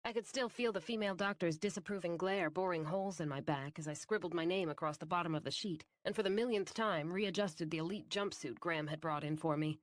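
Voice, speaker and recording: A woman's voice: fairly low pitch, a little fast, few pauses, dry recording. Woman narrating an audiobook, dry sound. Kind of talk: first-person scripted narration.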